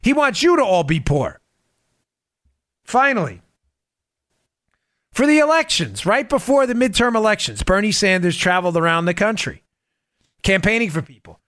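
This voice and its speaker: A man hosts a political podcast in a bright, high voice. His delivery is animated and sarcastic, and he often slips into mocking impressions. The sound is dry and close, with no room echo. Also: normal speed, long pauses. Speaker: podcast host. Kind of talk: political commentary monologue.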